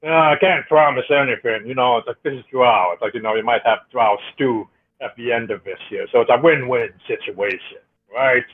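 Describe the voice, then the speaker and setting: A man's voice: mid-range voice, fairly quick, narrow, tinny audio, slight background noise. A man playing a tabletop game, trading laid-back jokes in casual chat. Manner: laid-back, joking banter. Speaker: player.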